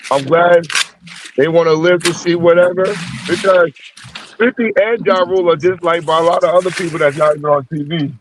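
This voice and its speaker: A man's voice: on the high side, steady tone, a little fast, slight background noise, low-quality recording. A man speaking earnestly in casual street talk on a podcast, often tagging his lines with "you know what I'm saying". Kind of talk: casual chat.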